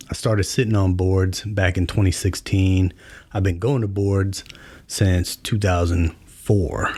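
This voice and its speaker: A middle-aged man hosting a podcast, telling a personal story in a relaxed, conversational way with many fillers. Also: sits low, dry recording. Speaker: podcast host. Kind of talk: casual storytelling monologue.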